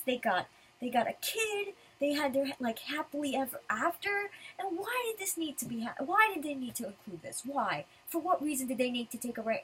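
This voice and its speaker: A woman's voice: sits high, breathy edge, poor audio. A woman giving casual commentary as a manga reviewer, ranting in frustration.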